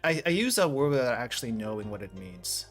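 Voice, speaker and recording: A man's voice: mid-range voice, big pitch swings, fast, faint music behind. A man hosting a podcast in casual chat, hesitant, often stammering and restarting his sentences. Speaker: podcast host.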